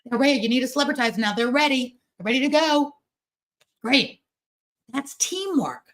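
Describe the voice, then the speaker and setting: A fairly high-voiced woman speaks to an online business audience over a video call. Her motivational talk is lively and chatty, and she slips into little voices whenever she quotes someone. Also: moderate pace. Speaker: guest speaker at a business event.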